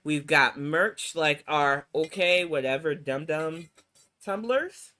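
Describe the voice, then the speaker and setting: A woman's voice: sits low, slow, sharp tone. A woman from New York hosting a reaction show, giving blunt, mocking commentary on video clips. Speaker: commentary host.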